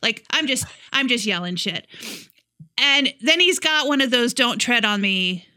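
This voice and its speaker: A woman in casual podcast chat whose voice is bright and a little higher than most. The sound is dry and close. She tells her story bluntly and swears freely. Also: expressive, unhurried, no room sound. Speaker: podcast co-host.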